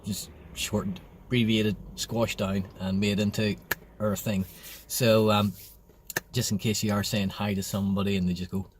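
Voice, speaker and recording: A man's voice: lowish voice, level tone, moderate pace, a little hiss or hum. A man with a Northern Irish accent chatting casually on a self-filmed vlog in a park, explaining things in a friendly, easygoing way. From Northern Ireland. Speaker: vlogger. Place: outdoors in a local park. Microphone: handheld camera or phone, self-filmed.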